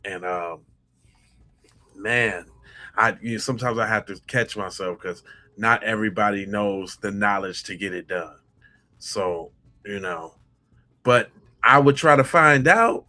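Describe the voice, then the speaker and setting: A man's voice: on the low side, a little slow, long pauses, bright, forceful tone, faint music behind. A man hosting a podcast, reacting bluntly and angrily to case footage in casual slang. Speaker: podcast host. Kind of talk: reacting to true crime footage.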